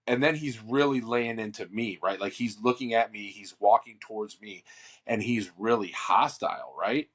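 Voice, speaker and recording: A man co-hosting a podcast, telling a long story in a casual, animated way, full of fillers and swearing. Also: lowish voice, moderate pace, slightly rough. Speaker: podcast co-host.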